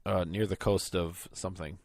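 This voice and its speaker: A man co-hosting a podcast in casual chat, calmly explaining facts. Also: low-pitched, moderate pace, dry recording. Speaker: podcast co-host.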